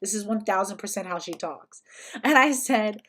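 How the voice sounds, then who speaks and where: A woman's voice: mid-range voice, moderate pace, a bit bright. A young woman hosting a casual livestream, talking in a chatty, sarcastic way with lots of "like" fillers. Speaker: livestream host.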